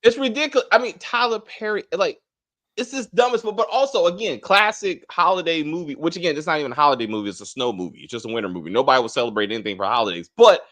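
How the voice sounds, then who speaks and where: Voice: medium pitch, animated, fast, a bit bright. A co-host of a casual movie review chat online, rambling and profane, tripping over words. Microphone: streamed online call.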